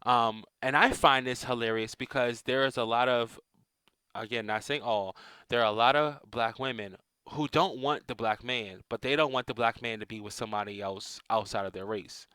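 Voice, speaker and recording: A man delivers a blunt, profanity-laced rant straight to camera, his voice at an ordinary middle pitch. He stumbles through restarts and filler sounds as he goes. The sound is close and dry. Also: steady tone, moderate pace, bright, forceful tone, clean tone, dry recording, rough recording. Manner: profane, blunt, repetitive, with frequent hedging restarts and "um"s. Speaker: vlogger. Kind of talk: casual ranting monologue.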